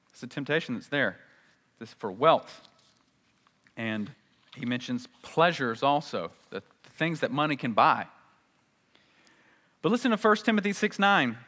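A male pastor preaches in a conversational way, dropping to near-hushed lines and then building up to loud, excited ones. His voice is bright and forceful and sits a little high for a man. The hall around him adds a long reverb to every phrase. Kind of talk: sermon.

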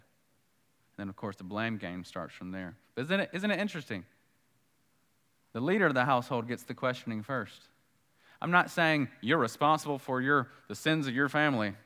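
A man's voice: mid-range voice, lively intonation, moderate pace, bright, forceful tone, in a large hall. A man preaching a sermon in a conversational way, repeating key points for emphasis and acting out the dialogue of scripture. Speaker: pastor.

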